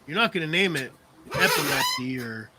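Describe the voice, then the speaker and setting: A man's voice: on the high side, huge pitch swings, moderate pace, very noisy. A middle-aged man telling rambling stories in casual chat, laughing often and checking in with "you know what I mean". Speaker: podcast co-host.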